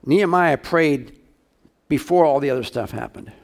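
A man's voice: on the high side, animated, moderate pace. A male pastor preaching a sermon, talking casually and asking his congregation questions.

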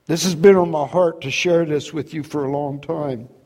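Middle-aged male preacher, slightly high voice, storytelling testimony, voices the people in his story. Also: steady tone, moderate pace, darkish tone. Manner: storytelling, acts out dialogue, laughs often. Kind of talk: testimony sermon.

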